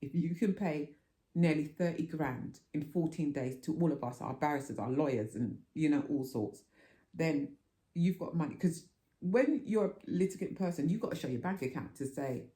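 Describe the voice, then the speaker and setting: A middle-aged woman chats casually to her vlog camera from home. Her voice sits low and mellow, though it leaps up in animated, indignant bursts. The room adds a noticeable echo. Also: moderate pace. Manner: animated, indignant storytelling with bursts of high pitch. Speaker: vlogger.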